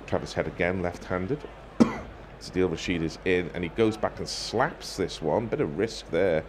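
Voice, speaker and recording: A man giving ball-by-ball cricket commentary in a measured, wry way, lifting his voice when a wicket falls. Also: low voice, noisy background. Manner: wry, measured, quick to joke.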